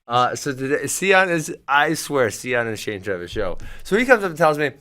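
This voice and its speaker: Bright, lively, teasing male co-host. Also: medium pitch, a little fast. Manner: animated storyteller, teasing, laughs often. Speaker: podcast co-host. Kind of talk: casual studio banter. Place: studio.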